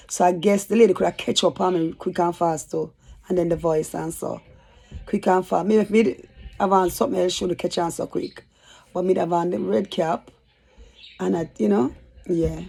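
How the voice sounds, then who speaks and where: Gravelly woman vlogging. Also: fairly low pitch, dark tone. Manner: rambling, chatty storytelling. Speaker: YouTuber. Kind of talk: casual storytime vlog.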